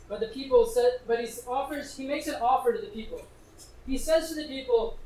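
A male preacher with a notably high voice reads scripture and talks it through in a conversational way, putting questions straight to his listeners. He sits back from the mic, and the room gives his words a clear echo. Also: fairly quick, a little mellow, slight background noise. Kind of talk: sermon reading and explaining scripture. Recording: echoey room, distant mic.

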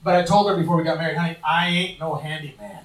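A middle-aged male pastor preaching a sermon in church, telling stories with lively acted-out voices. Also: on the high side, quick pace, reverberant, recorded from a distance, poor audio. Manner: animated storytelling, acting out quoted voices.

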